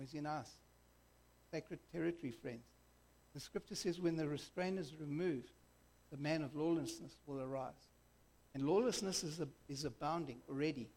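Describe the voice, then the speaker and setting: A middle-aged man with a South African accent preaching a sermon in a conversational, jokey way that wanders into school stories. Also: fairly high pitch. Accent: South African English.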